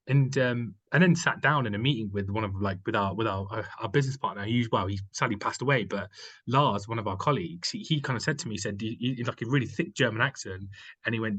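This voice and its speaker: A man's voice: fairly low pitch, fast, a bit bright, breathy edge, poor audio. A man from the United Kingdom, a company founder who is a guest, telling his story in casual conversation, rambling with many fillers and restarts.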